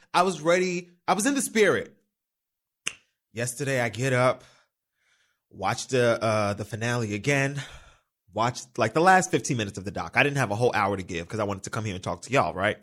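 A man hosting his own podcast, telling a story in a casual, campy, animated way with frequent swearing. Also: medium pitch, a little fast. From New York. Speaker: podcast host. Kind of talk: casual solo podcast chat. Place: studio.

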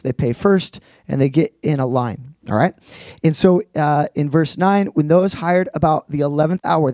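A male preacher teaching through a Bible passage in a relaxed, conversational sermon, explaining with slangy asides. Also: on the high side, gravelly, no room sound.

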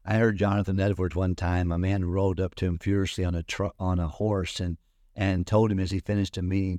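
A man's voice: sits low, brisk, no room sound, studio quality. A man preaching a sermon and telling stories, acting out the people he quotes. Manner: storytelling with animated acted-out quotes. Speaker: pastor.

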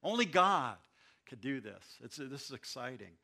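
A man preaching an evening sermon, reading scripture aloud and explaining it in an animated storytelling way with frequent restarts. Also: medium pitch, normal speed, gravelly. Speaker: pastor.

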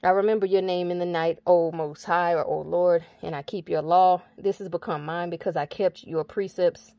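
A woman's voice: on the low side, steady tone, moderate pace, dark tone, dry recording. A woman reading Bible verses aloud and breaking off to explain them in casual asides. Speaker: preacher reading scripture. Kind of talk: informal Bible reading with commentary.

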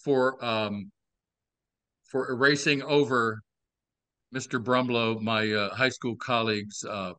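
A man's voice: mid-range voice, steady tone, slow, pauses often, bright, forceful tone, smooth, no room sound. A man in his sixties from Texas with a Southern accent, telling old stories on a podcast with wry, playful asides. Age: 60s. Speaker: podcast host. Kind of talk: casual storytelling chat.

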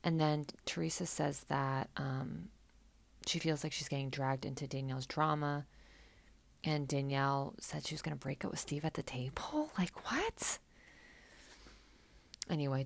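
A woman's voice: sits low, vocal fry. A woman hosting a podcast, recapping a reality show in a chatty, sarcastic, casual way. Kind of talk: casual chat.

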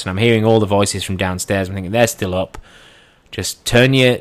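Animated man telling a story. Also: low-pitched, fairly quick. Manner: animated, acts out his own and friends' lines. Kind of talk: first-person anecdote.

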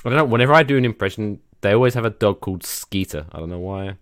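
An English man co-hosting a relaxed sports podcast, with a lowish voice that swings widely in pitch. He jokes and swears casually, and the recording is dry and close. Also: very fast, no room sound. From England. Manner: laid-back, joking, swears casually. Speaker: podcast co-host. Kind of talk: casual chat.

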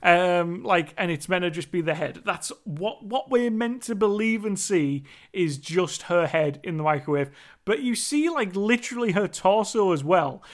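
High-voiced man rambling through a movie review. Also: lively intonation, normal speed. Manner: laughing, rambling, mimics film lines. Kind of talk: casual spoken movie review.

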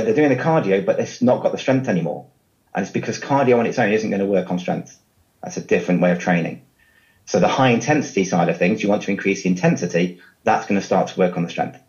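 A man's voice: fairly low pitch, animated, fast, darkish tone, highs cut off. A man, a fitness trainer guest on a podcast, explaining things patiently with everyday comparisons. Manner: explanatory, uses analogies. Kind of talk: podcast interview.

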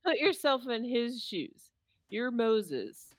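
A woman co-hosting a podcast, blunt and quick to laugh, swearing casually in chat. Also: fairly high pitch, big pitch swings, no room sound. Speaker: podcast co-host.

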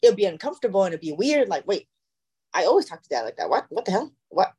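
A woman with a slightly husky, breathy edge chats as podcast co-host. She tells stories animatedly and slips into the voices of the people she quotes. The tone is casual and conversational. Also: medium pitch, very animated, fast talker, mellow. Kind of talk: casual chat.

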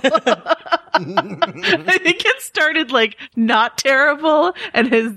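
Bright, chatty woman podcast host. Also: high voice, animated, slow, creaky, no echo. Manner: chatty and self-mocking, laughing often. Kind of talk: casual chat.

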